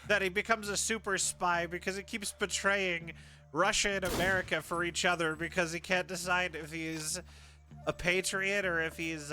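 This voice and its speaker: High, bright-voiced male streamer. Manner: chatty, joking, many "like" fillers. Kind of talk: casual gaming commentary. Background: game music.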